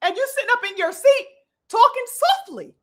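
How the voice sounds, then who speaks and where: A woman's voice: very high-pitched, big pitch swings, normal speed. A woman hosting a live-stream boxing commentary, ranting emphatically with profanity and piling up rhetorical questions, addressing her audience like a preacher.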